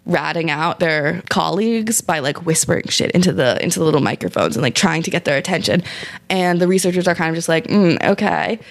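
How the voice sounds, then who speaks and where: A woman's voice: on the low side, gravelly. A young woman casually retelling a horror story on a podcast, rambling and swearing, with many likes. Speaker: podcast co-host.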